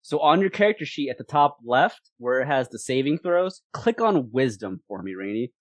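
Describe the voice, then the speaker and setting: Brief: man, game master for a tabletop game, lively narration, stumbles and repeats, dry voice-chat sound. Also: medium pitch, normal speed, dry recording. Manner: animated, repeats words, laughs easily.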